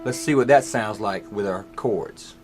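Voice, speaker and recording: Slow, patient male music teacher. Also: fairly low pitch. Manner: slow, patient step-by-step explaining. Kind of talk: piano lesson explanation. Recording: faint piano playing behind.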